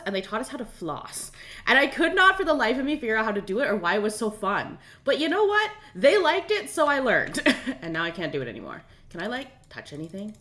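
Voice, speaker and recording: A woman's voice: medium pitch, pushed and bright. A young woman streaming a game in casual, rambling chat and laughing often. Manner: chatty, rambling, quick to laugh.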